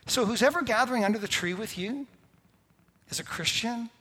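A man pastor preaching a sermon, swinging from hushed, whispered lines to loud, emphatic ones. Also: very high voice, a little fast, husky. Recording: reverberant hall.

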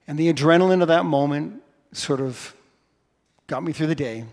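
A man in his sixties delivering a sermon from the pulpit, his slightly high voice carrying a long hall reverb. He tells his story with humor and a personal storyteller's touch. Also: normal speed, darkish tone. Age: 60s. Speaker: pastor. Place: church sanctuary.

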